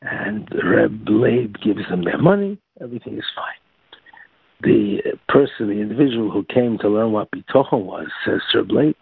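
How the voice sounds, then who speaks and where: A man telling a religious tale, halting, with frequent restarts and fillers. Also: lowish voice, expressive, creaky, slightly rough, no room sound. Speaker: storyteller. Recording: tinny phone-like, dry recording.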